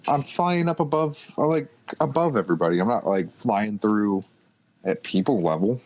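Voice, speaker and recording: A man's voice: lowish voice, expressive, moderate pace, darkish tone, rough recording. A man playing a tabletop game, brash and joking with frequent swearing. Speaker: player. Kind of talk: casual tabletop play.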